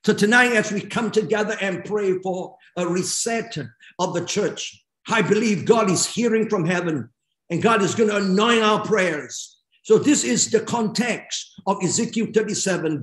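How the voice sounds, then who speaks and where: An older man, preaching as a pastor and reading scripture with emphatic, slow, dramatic phrasing. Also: high-pitched, lively intonation. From Malaysia. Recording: echoey church hall.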